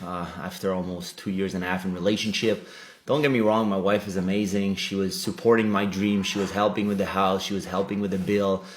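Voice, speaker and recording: A man doing a satirical monologue in a mock-entitled, deadpan way. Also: low-pitched, roomy sound. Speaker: TikTok creator in a parody clip.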